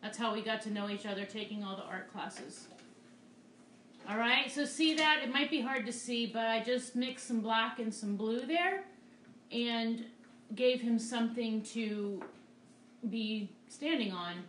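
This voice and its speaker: A woman's voice: on the high side, a little slow, fairly bright tone, reverberant, a little hiss or hum. A woman art teacher giving a live painting demonstration, upbeat and encouraging as she talks through each stroke. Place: art studio.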